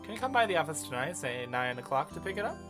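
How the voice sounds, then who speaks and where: A streamer reading the lines of a calm, caring lawyer and older sister in a near-natural voice. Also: mid-range voice, fast, natural voice. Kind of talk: reading game dialogue aloud. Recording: game music underneath.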